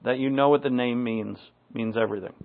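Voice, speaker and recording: A man's voice: medium pitch, fairly even intonation, a little fast. Wry man preaching over a tinny line. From New England. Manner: conversational and wry, with asides and dry jokes. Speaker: pastor. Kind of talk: Bible teaching sermon. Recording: tinny phone-like recording.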